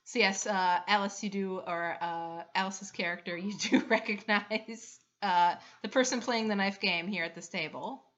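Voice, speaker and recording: A woman's voice: mid-range voice, normal speed, hardly any pauses, a bit bright. A woman running a tabletop game as game master, chatty and giggly, explaining the rules step by step. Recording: dull lo-fi recording.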